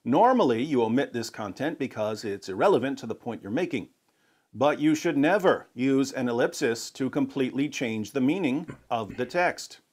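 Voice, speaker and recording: Lively, measured male narrator. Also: medium pitch. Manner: measured, explanatory, lightly sarcastic. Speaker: narrator of a clip. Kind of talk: scripted narration.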